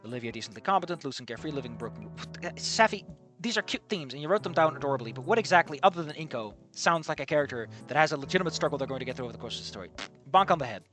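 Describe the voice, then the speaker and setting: Lively, bright-voiced man riffing casually. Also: a little high, very fast, faint music behind. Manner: swears freely, rambles, breaks off mid-thought. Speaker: fan fiction reader and commentator. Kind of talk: casual reading aloud with commentary.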